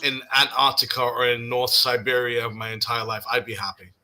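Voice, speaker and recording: A man's voice: medium pitch, moderate pace. A man from Malaysia joking around in a casual chat with friends. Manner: joking, playful, animated. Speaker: regular panel guest.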